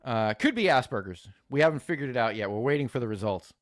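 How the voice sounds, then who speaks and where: A man's voice: medium pitch, animated, fast, no echo, studio quality. A man hosting a live stream, chatting casually with viewers in a crude, joking, rambling way, swearing often. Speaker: streamer host reacting to videos.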